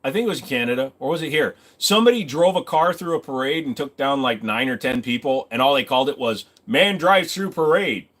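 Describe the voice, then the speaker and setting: A man's voice: medium pitch, fast talker, hardly any pauses, a bit bright. A man hosting a casual livestream from his home computer desk, rambling, joking and swearing freely. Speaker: livestream host.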